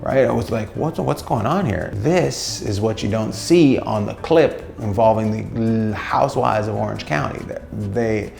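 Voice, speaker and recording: A man doing stand-up storytime commentary, animated and jumping into loud high-pitched impressions. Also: a little slow, vocal fry, few pauses, echoey room, soft background music. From Canada. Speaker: stand-up comedian. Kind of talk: storytime commentary between clips.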